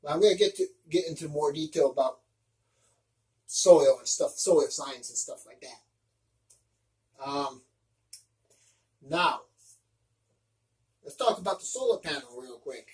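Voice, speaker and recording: A man's voice: fairly high pitch, lively intonation, slow pace, pauses often, darkish tone, far from the mic, rough recording. A man giving casual step-by-step practical tips, often restarting his sentences as he explains. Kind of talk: casual instructional talk.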